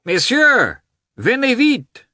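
A man putting on an excitable young dandy, high and gushing. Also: takes it slowly, no room sound, studio quality, heavily acted. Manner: gushing, French-sprinkled, exclaiming.

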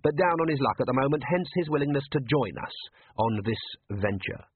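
A man's voice: medium pitch, lively intonation, a little fast, husky, narrow, tinny audio, voice pushed up. A man reading an audiobook, voicing a polite, cheerful young assassin who talks in a formal, faintly menacing way.

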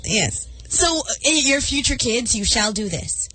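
A woman co-hosting a radio show, casual and teasing, jumping in with quick remarks. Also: fairly high pitch, lively intonation, pushed and bright, breathy edge, faint music behind, low-quality recording. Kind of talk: casual comedic chat.

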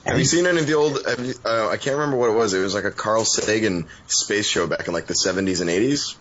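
A man's voice: lowish voice, fast, fairly bright tone, slight background noise. A man chatting casually on a podcast, telling rambling stories. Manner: rambling storyteller. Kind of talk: casual chat. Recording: dull audio with chatter behind.

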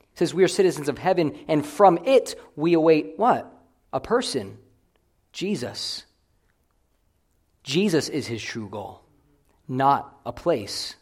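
A young man delivering a sermon as a pastor, earnest, swinging between loud emphatic declarations and quiet, hushed asides. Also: fairly high pitch.

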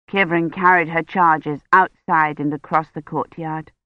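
A woman reading an audiobook in measured, scripted narration. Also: deep voice, fairly even intonation, no room sound. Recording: dull, dry studio audiobook recording.

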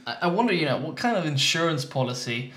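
A man's voice: fairly high pitch, big pitch swings, fast, a bit bright. Chatty guy on a podcast, laughs a lot, echoey room. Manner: chatty, laughs often, hesitant restarts. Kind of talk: casual chat.

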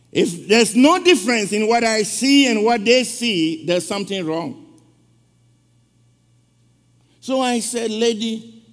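High, gravelly-voiced man preaching in a reverberant church. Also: darkish tone. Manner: emotional storytelling with call-and-response questions. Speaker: guest preacher. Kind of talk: sermon. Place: church sanctuary.

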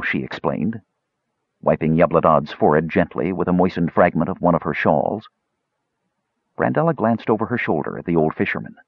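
A man narrating a fantasy audiobook in an expressive storytelling style. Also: low voice, normal speed, creaky, long pauses, husky, no echo. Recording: slightly dull lo-fi audiobook recording.

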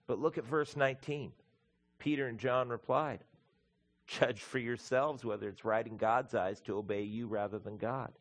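A man's voice: medium pitch, moderate pace. Emphatic male preacher. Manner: emphatic, builds up through lists of repeated words; addresses the congregation as "folks". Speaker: pastor. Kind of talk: sermon.

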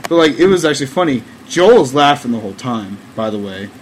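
Over poor audio with a bit of background noise, a young man running a podcast chats casually through a rambling story full of swearing, frequent laughter, and lots of "like." His mid-range voice is expressive and brisk.

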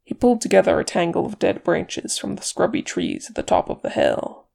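A reader narrating a fantasy chapter in an even, unhurried storytelling manner. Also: mid-range voice, creaky. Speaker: audiobook reader. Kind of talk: fan fiction narration.

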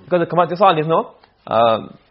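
A man's voice: a little high, expressive, fast talker. A man teaching a class on Arabic rhetoric, reading Arabic phrases and explaining them in English while often checking that the students understand. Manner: keeps checking with the class, asking "okay?" and "you understand?"; switches between Arabic text and English explanation. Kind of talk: classroom lecture. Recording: dull lo-fi classroom recording.

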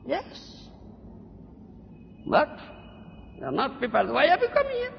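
A man lectures disciples in a high, gravelly voice that swoops up and down as he mocks their excuses. He keeps prodding them with "huh?" The old, muffled tape carries a long echo. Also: wildly swooping pitch, slow, long pauses, a little hiss or hum. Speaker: spiritual teacher. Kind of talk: devotional lecture. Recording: dull old tape in a reverberant hall.

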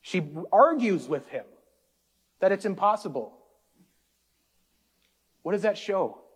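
A pastor delivers a sermon slowly, his high, sing-song voice slightly rough. He directs call-outs to the congregation as his intensity builds up and falls away.

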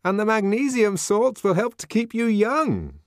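A man's voice: high-pitched, very animated, a little slow, dry recording, clean studio sound, pitched above the performer's own voice. A man doing a nervous, ingratiating tourist. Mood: placating.

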